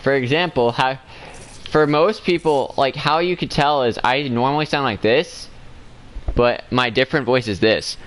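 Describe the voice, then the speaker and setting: A man's voice: medium pitch, moderate pace, fairly bright tone, rough recording. A man in casual chat with a friend while playing a game, rambling and correcting himself as he talks. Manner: rambling, self-correcting, laughs often. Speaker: gamer chatting with a friend.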